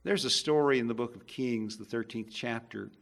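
A male preacher delivering a sermon, emphatic, swinging between loud stresses and hushed asides. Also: mid-range voice, moderate pace, creaky.

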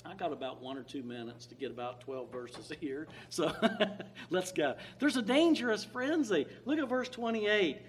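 High-voiced male preacher, dynamic sermon delivery, leans hard on key words. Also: expressive, slight background noise. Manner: dynamic, rising to emphatic peaks on key words; drawls slowly through scripture readings.

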